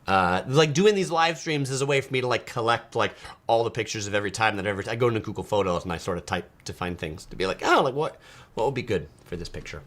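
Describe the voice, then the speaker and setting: A man's voice: lowish voice, fast talker, fairly bright tone. A man hosting a casual live stream, reading viewer comments aloud and chatting, often slipping into playful mock voices. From United States.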